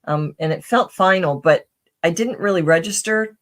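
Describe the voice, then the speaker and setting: A woman's voice: lowish voice, moderate pace. Woman rambling through personal stories on a podcast, lots of ums and restarts. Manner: rambling, with many fillers and restarts. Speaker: podcast guest. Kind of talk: casual conversational storytelling.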